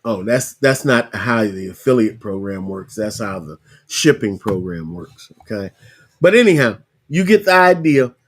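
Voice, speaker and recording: A man hosting a podcast, casually walking viewers through a screen-share tutorial, repeating himself and spelling things out slowly. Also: lowish voice, expressive. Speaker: podcast host.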